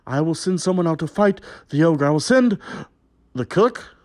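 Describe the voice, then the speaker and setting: A man's voice: a little high, animated, normal speed, a little mellow, pitched below the performer's own voice, close to an everyday voice. A princess giving orders, as a man puts her on. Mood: scheming. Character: frightened fairy-tale princess giving royal orders.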